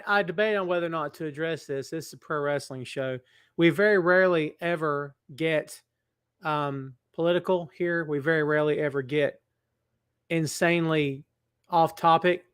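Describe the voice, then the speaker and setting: A middle-aged man with a somewhat high voice hosts a live wrestling chat show. He greets his viewers with animated energy and speaks earnestly when he gets serious. He is recording alone in a large building. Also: normal speed, clear, resonant tone, dry recording, clean studio sound. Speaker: wrestling podcast host. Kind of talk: casual live-stream chat. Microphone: webcam setup.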